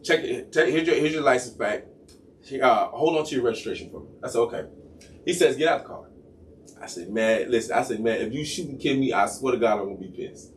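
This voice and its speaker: A podcast co-host with a medium-pitched voice talks fairly quickly, sounding far from the mic with a bit of hiss or hum. In casual chat, he tells a long, profane story and animatedly acts out the voices of everyone involved.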